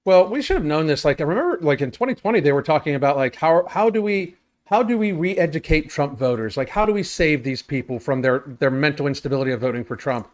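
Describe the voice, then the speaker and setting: A man's voice: a little high, lively intonation, quick pace. A man co-hosting a casual political podcast, mostly giving short agreeing replies. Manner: brief agreeing interjections. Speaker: podcast co-host.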